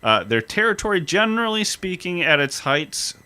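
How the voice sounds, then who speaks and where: A man's voice: high-pitched, big pitch swings, normal speed, sharp tone, smooth, no echo. A man co-hosting a casual history podcast, explaining events step by step in a storytelling way. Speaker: podcast co-host.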